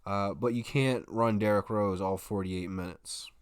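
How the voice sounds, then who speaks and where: A man's voice: fairly low pitch, steady tone, measured pace, clean tone, no echo. A man hosting a live basketball watch-party stream, chatting casually with his viewers, often restarting his sentences. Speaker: sports live stream host. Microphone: desk microphone.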